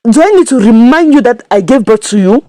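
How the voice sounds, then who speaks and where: A woman's voice: on the high side, expressive, a little fast, mellow, no room sound, close to an everyday voice. A woman retelling the lines of an angry, insulting father in a scolding, contemptuous tone.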